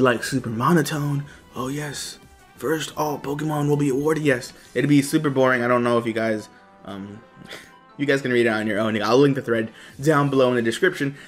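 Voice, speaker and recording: A man's voice: medium pitch, fairly bright tone. A man hosting a gaming video, chatting casually to his viewers in an upbeat, rambling way full of asides. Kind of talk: casual chat to camera.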